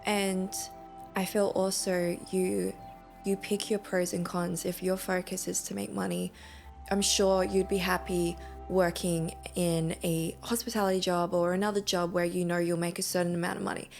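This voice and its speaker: A woman's voice: fairly low pitch, level tone, normal speed, vocal fry, darkish tone, faint music behind. A young woman, a podcast guest, talking earnestly and reflectively in a casual late-night conversation. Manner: earnest, reflective, laughs often.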